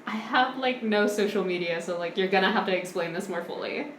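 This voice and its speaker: A woman hosting a podcast, chatting casually and asking quick questions. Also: medium pitch, echoey room, a little hiss or hum, rough recording. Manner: quick questions, laughs along. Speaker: podcast host. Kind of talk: casual interview chat.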